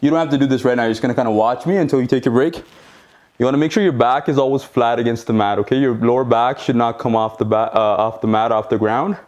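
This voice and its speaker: A man's voice: mid-range voice, fast talker, darkish tone, lo-fi sound. A man leading a home workout, encouraging, counting reps and checking in with "okay?" as he exercises along. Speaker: fitness instructor.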